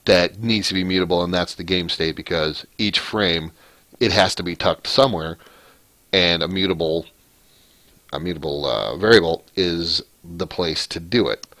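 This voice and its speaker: A man with a low voice hosts a casual programming tutorial, thinking aloud as he works. He rambles, restarts his sentences and corrects himself. He is recorded dry and close, with keyboard typing heard behind him. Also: moderate pace, fairly bright tone, no room sound. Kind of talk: casual screencast coding lesson.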